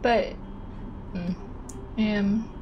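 A woman's voice: mid-range voice, fairly even intonation, drawn-out words, dull audio, music in the background. A young woman from Boston giving sarcastic let's-play commentary over a game. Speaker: gaming streamer.

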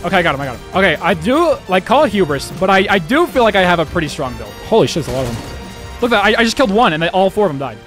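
A young man streaming a game live, talking excitedly to chat and swearing often. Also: sits high, racing, soft background music. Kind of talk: live gameplay commentary.

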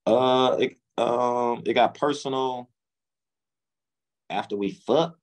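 A man's voice: medium pitch, steady tone, takes it slowly. A man from Memphis with a Southern accent, telling a long story in a casual interview, repeating words and acting out quotes. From Memphis, Tennessee, US. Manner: rambling, repeats words, acts out quotes in raised voice. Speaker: guest, music executive.

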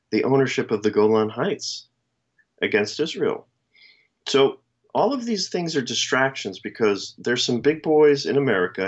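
A man's voice: medium pitch, dull audio. A man co-hosting a political commentary chat, speaking in a rambling, emphatic, and sardonic way. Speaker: co-host.

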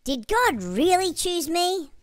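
A woman voicing Jimmy, a curious, eager young boy character on a children's church show, asking questions slowly. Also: very high voice, very animated, soft background music, voice pushed up, exaggerated voice.

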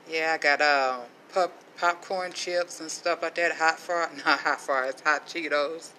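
A woman's voice: sits low, fairly even intonation, unhurried, bright, forceful tone, a little hiss or hum, rough recording. A middle-aged woman vlogger chatting casually to camera as she shows her food haul, with faith-filled asides.

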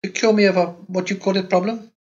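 A man's voice: sits high, little pitch movement, fast talker, darkish tone, dull audio, pitched above the performer's own voice, close to an everyday voice. A man reading an audiobook aloud, voicing a naive, childlike young woman with a light, girlish voice. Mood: wistful.

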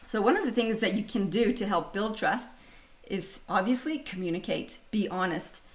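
Presenting a leadership webinar by video call, a Canadian woman in middle age keeps things chatty and cheerful with frequent laughter. Her voice is mid-range and her pace moderate.

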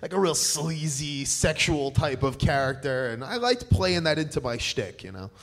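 A man's voice: on the high side, lively intonation, normal speed. A man from Staten Island with a New York accent, a pro wrestler telling stories in casual podcast chat, full of fillers and restarts. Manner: rambling, filler-heavy storytelling. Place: live show venue.

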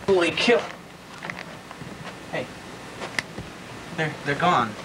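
A man's voice: fairly high pitch, expressive, drawn-out words. A teenage boy acting as an exasperated, sarcastic homeowner who keeps grumbling about intruders in his house. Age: teens. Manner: exasperated, sarcastic, shouting now and then. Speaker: annoyed homeowner. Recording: hissy lo-fi home video.

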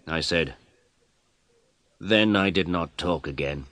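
A man reading a simple story aloud in plain, clear first-person narration for English learners. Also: deep voice, takes it slowly, a bit bright, no room sound.

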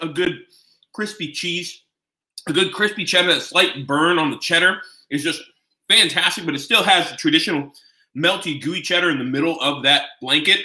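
A man hosting a casual live cooking stream, chatting with his viewers in a rambling way and gushing with excitement as he eats and talks. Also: fairly high pitch, normal speed. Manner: gushing with excitement while tasting. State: eating while talking. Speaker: home cook streaming live. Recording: roomy, echoing room sound.

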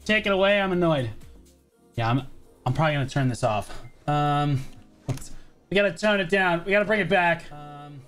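A man doing livestream commentary over a game in a high, bright-pitched voice. He swears freely, rants in exasperation and keeps breaking into loud outbursts. Faint music plays under his talk. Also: expressive, moderate pace, pauses often. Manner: profane, exasperated outbursts and yelling. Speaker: streamer.

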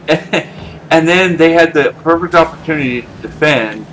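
A man commentating his own gameplay casually, ranting and swearing at his teammates, his voice jumping up into yells. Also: on the high side, lively intonation, measured pace, a little hiss or hum. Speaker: gameplay streamer.

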